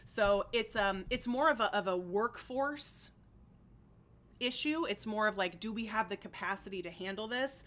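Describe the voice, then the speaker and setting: Midwest chicago-accent woman on a livestream, bright voice, lots of ums, reading chat comments. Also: mid-range voice, moderate pace. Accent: Upper Midwest, Chicago region. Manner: chatty, reads viewer comments aloud, many fillers. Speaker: livestream host. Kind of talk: casual livestream chat about politics.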